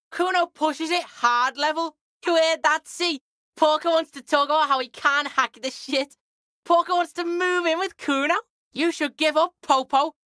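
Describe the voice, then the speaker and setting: A woman's voice: high-pitched, sharp tone, dry recording, studio quality. A woman voicing a foul-mouthed, cocky young street boy who brags and talks about himself in the third person. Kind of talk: video game character acting.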